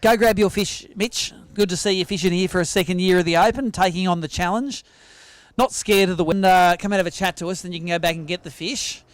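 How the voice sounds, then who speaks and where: High-pitched, energetic Australian emcee. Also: male voice, clean tone, dry recording, studio quality. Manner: energetic, teasing, quick-talking. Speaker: weigh-in host. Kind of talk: live tournament emcee banter. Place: outdoor weigh-in stage at a sailing club.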